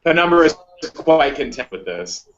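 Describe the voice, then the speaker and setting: Man, tabletop player, dry jokes, slightly high voice, muffled and off mic. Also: sing-song, normal speed, fairly bright tone. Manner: dry, joking. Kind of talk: casual tabletop play.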